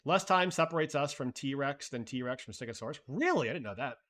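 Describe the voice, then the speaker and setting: A man's voice: mid-range voice, animated, brisk, a bit bright. A man hosting a live stream, chatting loosely and thinking aloud while answering viewer messages, with casual swearing. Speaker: livestream host.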